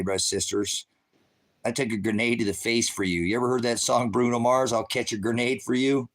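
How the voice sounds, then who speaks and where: A middle-aged man ranting on a livestream in a confrontational, sarcastic, preachy way, trading insults with viewers and calling them brothers and sisters. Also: fairly low pitch. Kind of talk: heated livestream rant to viewers.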